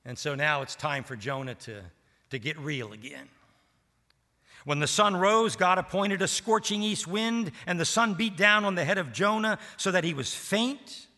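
A man preaching a sermon as pastor of a church, emphatic and swinging between loud and hushed delivery. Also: high voice, moderate pace, big-room sound.

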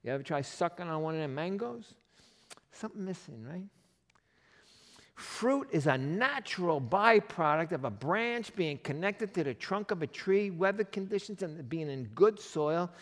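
A man pastor preaching a sermon in a lively, conversational way, firing off rhetorical questions at his congregation. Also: sits high, normal speed, in a large hall.

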